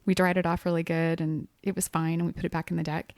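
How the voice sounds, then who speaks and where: A woman's voice: lowish voice, flat delivery, fast, a little mellow, no room sound, studio quality. A woman co-hosting a casual podcast, explaining tarot cards in a chatty, easy way with bursts of laughter. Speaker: podcast co-host, medium.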